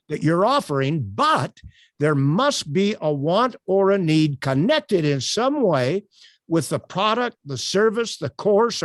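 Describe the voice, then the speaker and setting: An older man presenting a sales workshop over a video call, telling stories in an animated way with frequent fillers. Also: on the high side, no echo, studio quality. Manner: animated, projecting, storytelling with many fillers.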